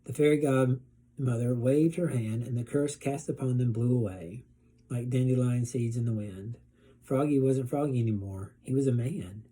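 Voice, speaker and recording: Male teacher, storybook read-aloud, dark husky voice, steady. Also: mid-range voice, normal speed.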